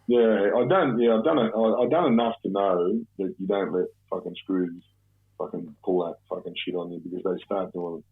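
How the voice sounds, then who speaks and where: A man's voice: deep voice, normal speed, vocal fry, breathy edge. A man with an Australian accent telling a rambling, profane story in casual chat, with many restarts. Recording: tinny phone-like audio.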